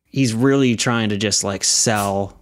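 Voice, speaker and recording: A man's voice: on the low side, takes it slowly. A young man co-hosting a podcast, chatty and joking, laughing often. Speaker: podcast co-host. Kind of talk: casual chat.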